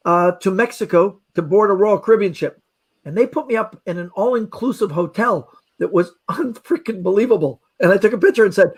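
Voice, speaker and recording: A middle-aged man, a magician guest on a podcast, telling a travel story in a lively way and acting out the people in it. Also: sits high, fairly quick, husky. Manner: lively anecdotal telling with acted-out quotes. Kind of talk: animated storytelling.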